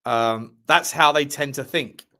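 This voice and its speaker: Guy reading transfer stories off his screen on a livestream, medium pitch, chucks in cheeky comments and says things twice. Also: unhurried, bright, forceful tone. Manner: reads articles aloud with cheeky asides, repeats phrases. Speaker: host of a football fan show. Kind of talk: casual livestream chat reading transfer news.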